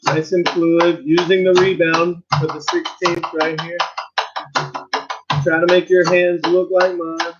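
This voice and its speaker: A man teaching an online drum lesson in a percussion studio, counting beats aloud in an encouraging, relaxed way. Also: fairly high pitch, unhurried, highs cut off, over loud music.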